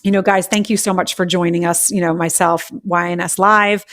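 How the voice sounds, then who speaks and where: A woman's voice: lowish voice, fairly even intonation, moderate pace, fairly bright tone. A woman hosting a live audio chat show, enthusiastic and full of praise for her guest, with many fillers. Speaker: host.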